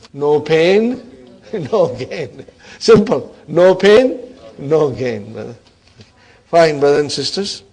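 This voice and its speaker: Man, Arabic teacher, classroom lesson, encouraging, question-asking, slightly high pitch. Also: darkish tone. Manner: encouraging, asks the class questions, repeats words for emphasis. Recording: classroom lecture recording.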